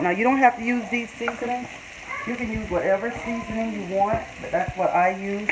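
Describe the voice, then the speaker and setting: A woman's voice: medium pitch, a little fast. An older woman, chatting to viewers in a casual cooking tutorial from her home kitchen. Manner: chatty, talks straight to viewers as y'all. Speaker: cooking vlogger. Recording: home kitchen with loud frying noise. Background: sizzling pan and stirring.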